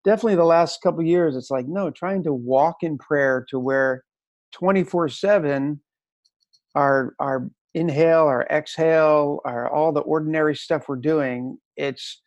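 A man's voice: a little high, moderate pace, darkish tone, dry recording, muffled recording. A man talking as a podcast guest, reflective and hedging his words as he explains. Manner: thoughtful, hedging with "if you will". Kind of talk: reflective interview talk.

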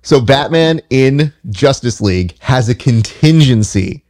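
A man's voice: medium pitch, animated, a little mellow. A man hosting a podcast, chatting casually and telling stories with a joking, self-mocking manner. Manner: joking, fast-talking storyteller. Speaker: podcast host. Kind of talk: casual chat.

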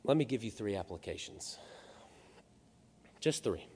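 A man preaching a sermon as pastor, swinging from hushed, slow words to loud, high outbursts. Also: expressive. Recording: long reverb of a church hall.

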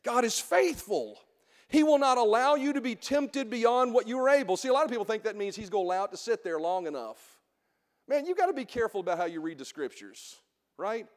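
High-voiced preacher in a reverberant church. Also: male voice, expressive, fairly quick. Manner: call-and-response preaching, swinging between soft asides and shouted emphasis. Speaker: pastor. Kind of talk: sermon. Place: church sanctuary.

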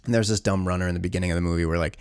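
A man's voice: sits low, steady tone, racing, darkish tone, clean tone, no room sound, studio quality. A man casually recapping a movie plot, rambling and sarcastic with lots of fillers. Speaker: movie reviewer.

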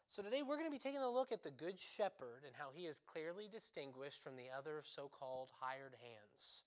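A man giving a sermon as a priest. He speaks in short, conversational phrases, often adds "right?", restarts his sentences and stresses key words with sudden bursts of loudness. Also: fairly high pitch, animated, a little fast, hardly any pauses. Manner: restarts and corrects himself mid-sentence.

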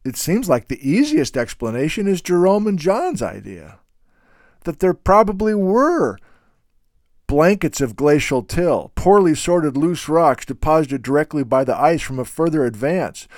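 A man hosting a casual, unscripted talk about geology. He speaks in an emphatic, animated and opinionated way. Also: a little high, unhurried, no room sound, studio quality. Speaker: host.

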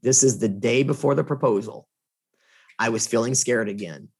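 Husky man telling a story. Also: medium pitch, moderate pace. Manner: animated, earnest storyteller. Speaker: guest. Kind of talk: casual storytelling in conversation.

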